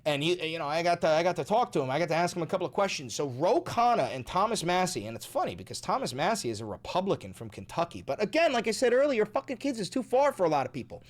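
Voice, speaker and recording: Profane excitable commentary guy. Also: high-pitched, fast, hardly any pauses. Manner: profane, excitable and sarcastic, swings between muttering and shouting. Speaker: political commentary creator. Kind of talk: casual political commentary vlog.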